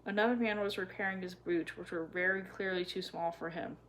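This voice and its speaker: A woman reading a children's chapter book aloud in a gentle, even storytelling manner. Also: fairly low pitch, a little fast, a little hiss or hum, rough recording. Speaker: storybook reader.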